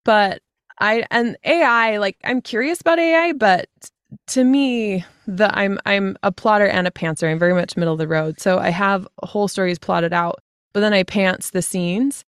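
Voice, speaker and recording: A woman in her thirties, a fantasy author talking as a podcast guest, chatty and full of quick asides. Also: mid-range voice, clear, resonant tone, dry recording, studio quality. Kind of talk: casual podcast conversation.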